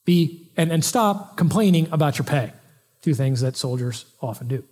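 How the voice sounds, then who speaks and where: A male pastor preaching from the pulpit. His voice sits high and mellow with a husky edge. He talks in a conversational, animated way and acts out the lines he quotes. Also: normal speed. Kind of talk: expository sermon. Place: church pulpit.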